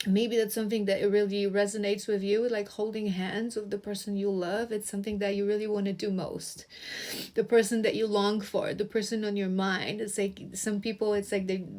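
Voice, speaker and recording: A woman doing a tarot reading to camera, effusive and earnest, often restarting her phrases and repeating herself. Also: mid-range voice. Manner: earnest, emotionally stirred. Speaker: tarot reader.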